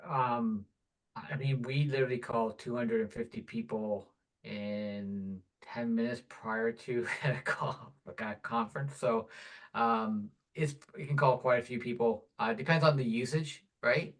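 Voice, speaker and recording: A man hosting a casual live Q&A over a video call, relaxed and chatty, laughing often. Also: medium pitch, a little slow. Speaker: webinar host, product support.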